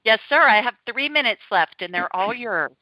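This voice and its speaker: A woman hosts a call-in radio show, chatting and telling stories in a warm, animated way. Her voice is bright and forceful, and the recording is dry and close. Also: a little high, moderate pace, dry recording, poor audio. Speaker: radio show host, psychic.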